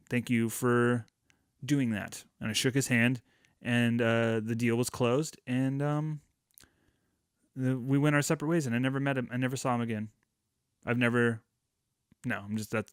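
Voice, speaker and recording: This podcast host has a mid-range, clear, resonant voice, recorded in a clean studio with no echo. He tells a rambling, profane story from his childhood, peppered with self-mocking jokes.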